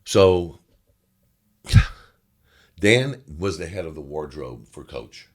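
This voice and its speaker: Deep-voiced middle-aged man telling a story. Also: slow. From Louisiana. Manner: animated storyteller, loose and conversational with fillers. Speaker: guest actor. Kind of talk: storytelling in an interview.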